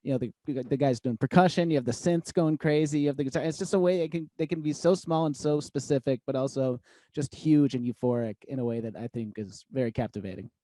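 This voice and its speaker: A man's voice: mid-range voice, fast, mellow, no room sound. A man as a podcast guest, talking thoughtfully about music and searching for words. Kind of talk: casual chat.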